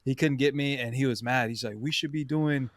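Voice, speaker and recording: Guy on a podcast telling gym stories, lively and cussing, mic real dry and close. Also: mid-range voice, brisk, no echo. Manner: animated storyteller, swears, acts out quotes. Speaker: podcast co-host. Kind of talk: casual chat.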